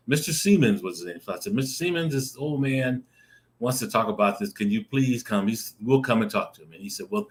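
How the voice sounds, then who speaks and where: A man on a video call telling a lively personal story, acting out the voices in it and laughing often. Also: mid-range voice. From Arizona. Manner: animated, acts out voices in his stories, laughs often. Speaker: guest storyteller. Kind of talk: casual anecdote telling.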